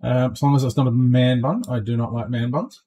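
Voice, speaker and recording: An adult streamer chats casually through his space-game session, joking along and regularly finishing with a questioning "eh?". He speaks fairly quickly in a mid-range, dark-toned voice with fairly even intonation.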